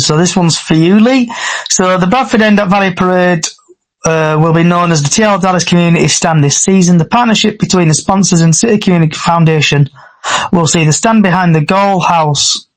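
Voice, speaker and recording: Guy with a pretty high voice running a fan podcast, reads the news then goes round the table. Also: poor audio. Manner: reads club news aloud, then polls the panel. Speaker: podcast host. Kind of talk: casual fan podcast chat.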